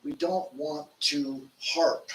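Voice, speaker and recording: A man's voice: a little high, takes it slowly, fairly bright tone. A man in his fifties, a monk giving a conversational sermon, telling stories in an informal way with fillers. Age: 50s. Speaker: monk giving a spiritual talk. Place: temple lecture hall. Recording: roomy hall, distant mic, faint noise.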